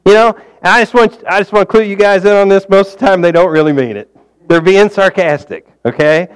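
A man preaching a conversational sermon, folksy, asking the congregation questions and swinging from loud, high emphasis to quiet, low asides. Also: animated, quick pace, smooth. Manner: folksy, engages the audience with questions.

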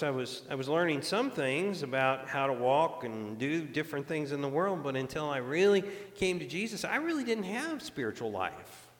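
Preaching in a large hall, this male pastor keeps restarting his phrases as he talks in an earnest, conversational way. His voice runs on the high side and sounds a bit bright.

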